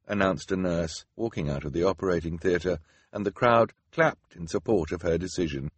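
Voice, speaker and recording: A man narrating a storybook in a wry, measured way, recorded close on a studio mic. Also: deep voice, breathy edge, no echo. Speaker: audiobook narrator.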